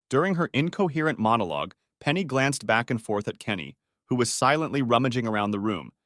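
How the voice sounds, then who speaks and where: A man narrating an audiobook story in an expressive, animated way. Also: on the low side, dry recording, studio quality.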